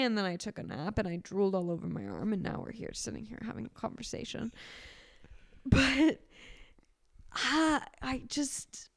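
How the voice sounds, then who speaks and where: A woman's voice: on the high side, dry recording, clean studio sound. A young woman co-hosting a podcast, telling a stressful story in a rambling, emotional way, with frequent restarts. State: sick. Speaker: podcast co-host. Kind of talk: casual chat.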